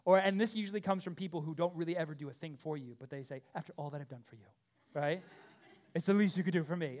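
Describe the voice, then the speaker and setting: A man in his thirties preaching a sermon in an earnest, conversational way, often checking in with the congregation and swinging from loud emphatic pleas to quiet asides. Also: high-pitched. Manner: earnest, conversational with frequent "okay?" and "right?" check-ins. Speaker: pastor.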